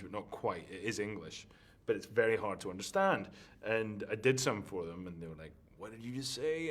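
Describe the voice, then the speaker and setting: A middle-aged Scottish man from the northeast of Scotland, an actor chatting in a casual interview and acting out quotes as he tells his stories. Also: lowish voice. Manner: animated storyteller, acts out quotes.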